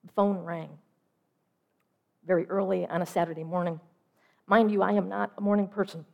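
Woman preaching with vocal fry. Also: fairly low pitch, steady tone, phone-quality sound. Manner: measured, reflective, softening on line ends. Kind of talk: sermon storytelling.

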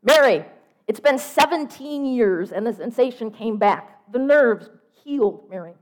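A woman voicing her loud adult sister, who yells her words over the phone. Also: fairly high pitch, lively intonation, measured pace, voice pushed up. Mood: excited yelling. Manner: yelling loudly. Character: loud excited adult sister yelling news.

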